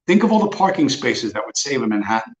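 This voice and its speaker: A blunt, swearing man in his fifties rants and scoffs through a casual livestream monologue. His voice sits at an ordinary middle pitch. The sound is roomy and dull, like a lo-fi home setup. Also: very animated, quick pace. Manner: blunt, profane and mocking. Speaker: livestream host.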